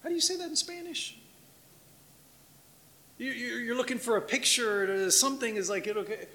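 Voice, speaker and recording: A man's voice: extremely high pitch, moderate pace, bright, forceful tone. A man from Washington, D.C., a missionary giving a conversational church talk, telling anecdotes, acting out little exchanges and asking the congregation questions.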